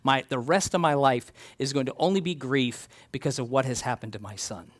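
A man voicing a grieving old father, speaking in a hushed, heavy way during a sermon. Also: medium pitch, brisk, close to an everyday voice.

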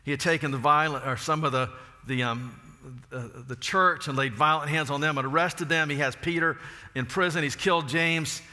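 A man's voice: on the high side, fairly even intonation, moderate pace, bright, forceful tone, long reverb tail. A man preaching a sermon, telling folksy stories and asking rhetorical questions.

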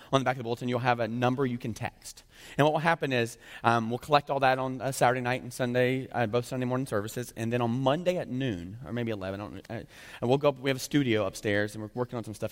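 A man's voice: medium pitch, fast talker. A man in his thirties, a pastor giving a casual, joking sermon and often checking in with "right?". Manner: conversational and jokey, keeps asking "right?". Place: church sanctuary. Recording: echoey church hall.

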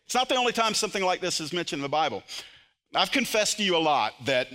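A man preaching a sermon as pastor, moving between loud, impassioned emphasis and quiet, earnest intensity. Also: sits high, sing-song, quick pace.

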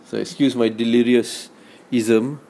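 A man's voice: mid-range voice, little pitch movement, slow pace, noisy background. A young man with a Malaysian English accent, co-hosting a casual chat in a jokey way and laughing often. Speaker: podcast co-host.

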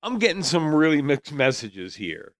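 A man with a high, lively voice speaks slowly in a casual podcast chat. His remarks are wry and sarcastic, with casual swearing. The recording is dry and close. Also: no echo. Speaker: podcast co-host.

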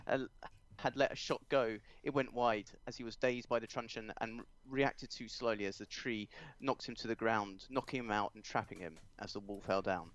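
A man's voice: lowish voice, steady tone, moderate pace, highs cut off. A man reading fan fiction aloud for comedy, playful, with self-corrections and asides.

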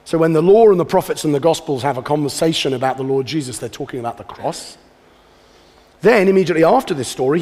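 Man preaching with hall reverb. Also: fairly high pitch. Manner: earnest, conversational preaching with rhetorical questions. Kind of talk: sermon. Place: church hall, livestreamed. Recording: hall reverb from a live church.

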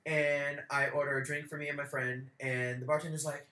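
A man's voice: a little high, level tone, brisk, sharp tone, far from the mic, slight background noise. A man co-hosting a podcast in casual chat, chatty and laughing often. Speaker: podcast co-host. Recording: echoey room, a bit off the mic.

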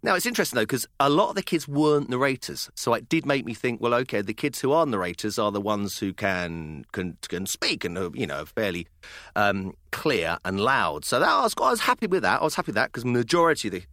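Animated British dad podcast host. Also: male voice, medium pitch, brisk, dry recording, studio quality. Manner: animated, expressive. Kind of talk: casual chat and storytelling.

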